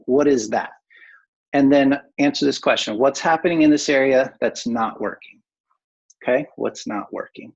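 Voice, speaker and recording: A man's voice: medium pitch, a little mellow, slightly rough. Upbeat coaching man on a muffled call. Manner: casual, upbeat, many filler words. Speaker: workshop coach. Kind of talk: online workshop coaching. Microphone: video call. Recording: muffled lo-fi video call audio.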